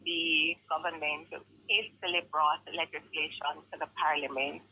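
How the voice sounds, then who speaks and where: A woman attorney calling into a radio show, sounding stuffy from a cold and speaking in a composed, measured way. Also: deep voice, little pitch movement, sharp tone. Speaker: attorney, phone-in guest. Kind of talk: radio phone interview. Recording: dull phone line with light hiss.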